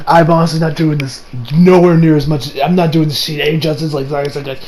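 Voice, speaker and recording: A young man casually reviewing an anime episode, excitable and swearing, acting out scenes with sudden shouts. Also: a little high, fast.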